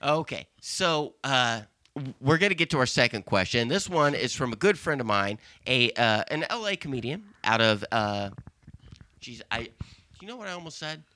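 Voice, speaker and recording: Lively, bright-toned male podcast host. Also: mid-range voice, normal speed, no echo. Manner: laughing, animated, reads listener questions. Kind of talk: casual podcast chat.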